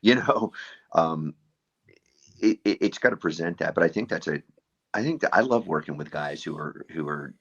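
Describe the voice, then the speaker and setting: Male host, rumbling deep, raspy, easygoing chatter, slightly muffled lo-fi audio. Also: normal speed. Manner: relaxed, agreeable, restarts words. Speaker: podcast host. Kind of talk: casual interview chat.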